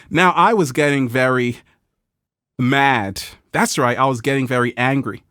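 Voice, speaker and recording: A man's voice: a little slow, no room sound, clean studio sound. A man hosting a motivational vlog, speaking playfully and animatedly to his viewers with frequent laughs. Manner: playful and animated, laughing, acting out quoted people in a high voice. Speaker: vlog host.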